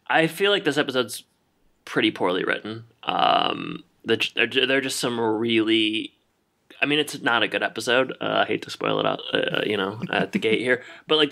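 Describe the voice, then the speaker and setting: A man's voice: lowish voice, creaky, pushed and bright. A man co-hosting a casual podcast, rambling and joking, and bluntly critical of the episode. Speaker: podcast co-host.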